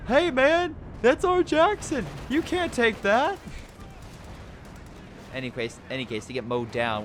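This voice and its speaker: A man commentating a strategy game replay, excitable, laughing and giving units joking voices. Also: medium pitch. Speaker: game caster. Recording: game noise behind the voice. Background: artillery and gunfire game sounds.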